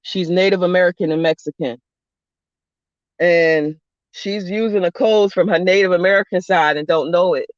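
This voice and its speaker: In a medium-pitched voice at normal speed, a spiritual vlogger rambles through stories, blunt, casual, and profane. The audio is dull, lo-fi, and dry with no echo.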